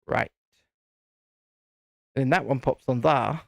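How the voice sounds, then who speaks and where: A man's voice: mid-range voice, takes it slowly, vocal fry, no room sound. A man hosting a live stream, chatting casually and rambling while he builds a set, with the odd casual swear. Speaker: channel host.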